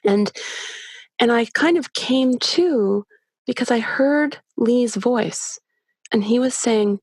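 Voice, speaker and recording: A middle-aged woman guest telling her story candidly, with many halting restarts. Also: a little high, no echo, clean studio sound. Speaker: podcast guest. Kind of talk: personal storytelling.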